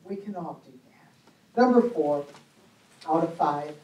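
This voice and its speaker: A woman's voice: sits low, animated, slow pace, a little mellow, lo-fi sound. A woman giving a storytelling sermon in a church hall, chatty and humorous, often laughing. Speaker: speaker at a church conference. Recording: echoey hall, mic at a distance.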